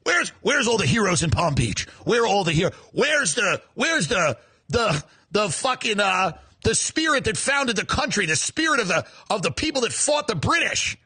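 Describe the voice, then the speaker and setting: A man rants in a comedic monologue, firing off sarcastic, profane rhetorical questions. His voice sits high and swings widely in pitch. The tone is bright with a husky edge, close and dry. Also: sing-song, normal speed, dry recording. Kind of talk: comedic rant.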